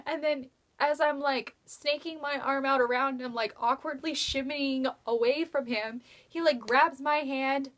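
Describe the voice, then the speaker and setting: A woman's voice: high-pitched, steady tone, measured pace, few pauses, fairly bright tone. A young woman telling a fan story in a casual vlog, giddy and gushing, with breathless squealing outbursts. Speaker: fan vlogger. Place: bedroom at night.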